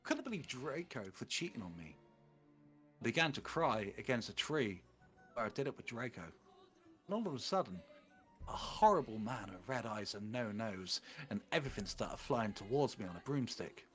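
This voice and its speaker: A man's voice: medium pitch, sing-song, normal speed, soft background music. A man on a stream reading fanfiction aloud, breaking off with exasperated commentary. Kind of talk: comic dramatic reading.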